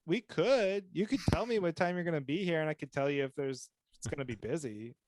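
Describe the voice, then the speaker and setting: A man's voice: fairly high pitch, a little fast, darkish tone, dry recording, clean studio sound. A man co-hosting a podcast, telling jokey stories in casual chat and acting out bits of dialogue. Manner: joking storyteller, acts out dialogue. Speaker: podcast co-host.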